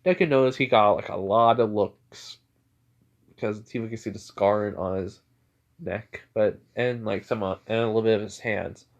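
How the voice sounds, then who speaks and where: A man casually telling a fan-fiction story out loud, rambling with lots of filler words. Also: lowish voice, normal speed, lo-fi sound.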